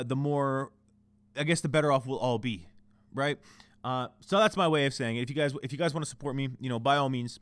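A man's voice: a little high, a bit bright, dry recording. A man hosting his own podcast alone, talking casually and rambling with a lot of swearing. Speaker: podcast host. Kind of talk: solo podcast monologue. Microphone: home recording setup.

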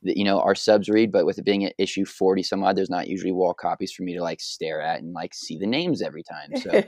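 Deep-voiced man, dry close sound. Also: animated, fast talker, a little mellow, no echo. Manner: casual, rambling, many fillers. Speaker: comic shop co-host. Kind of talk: podcast conversation.

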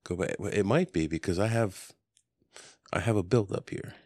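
A man's voice: fairly low pitch, moderate pace, darkish tone, dry recording, studio quality. A man hosting a casual podcast chat, rambling and joking with plenty of ums. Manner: rambling, jokey, lots of ums. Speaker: podcast host. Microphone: desk podcast mic.

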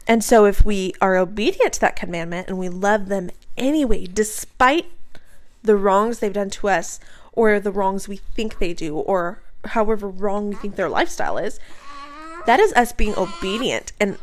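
A woman's voice: medium pitch, animated, normal speed. A woman hosting her own show, talking about her faith in a passionate, earnest, conversational way and putting questions to the listener. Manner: passionate, fired up. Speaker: podcast host. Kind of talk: casual faith talk.

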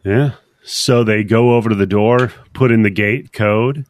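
A man's voice: lowish voice, unhurried. A man hosting a podcast, recapping a film in a rambling, joking way and acting out the characters' lines. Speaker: podcast host. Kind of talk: casual movie recap chat.

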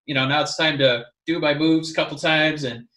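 A man's voice: fairly high pitch, steady tone, fairly quick, pushed and bright, roomy sound. A man rambling animatedly in a casual podcast chat, slipping into mock-crying impressions. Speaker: podcast co-host.

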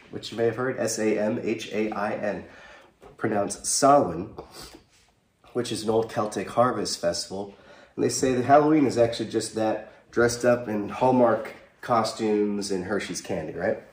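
A man's voice: fairly low pitch, darkish tone. A man pastor giving a live sermon in a small chapel, talking in a conversational way and asking the congregation questions. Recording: echoey room, from a distance.

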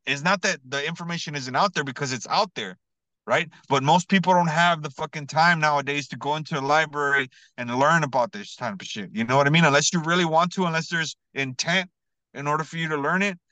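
A man's voice: on the high side, dry recording, low-quality recording. Slangy man telling an earnest story. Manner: slangy, fills talk with "bro" and "you know what I mean"; earnest, builds to excited emphasis. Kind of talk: casual storytelling.

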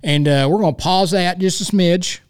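A man's voice: sits high, moderate pace, smooth. A man hosting a solo sports podcast, rambling in a folksy, playful way. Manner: rambling, folksy and playful, warmly effusive sign-off. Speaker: podcast host. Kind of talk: casual solo podcast monologue.

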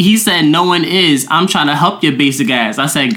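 A young woman with a bright, clear voice tells a story in a casual chat. She acts out every quote with animated swings of pitch and laughs often between lines. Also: moderate pace. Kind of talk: casual chat, retelling a dating-app exchange.

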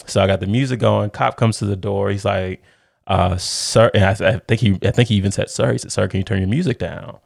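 Middle-aged male storyteller, low gravelly voice, animated casual delivery, dry close recording. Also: a little fast, no room sound. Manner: animated, laughs often, says "dude".

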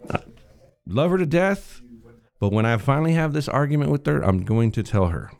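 A man's voice: medium pitch, expressive, moderate pace, creaky. A man co-hosting a casual podcast, ranting and swearing freely with frequent laughter. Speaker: podcast co-host. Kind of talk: casual profane chat.

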